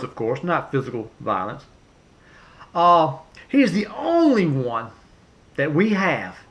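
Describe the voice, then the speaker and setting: A man's voice: a little high, fairly bright tone. A man ranting emphatically to camera in a vlog, repeating himself with many fillers and restarts. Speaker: vlogger. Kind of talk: political rant to camera.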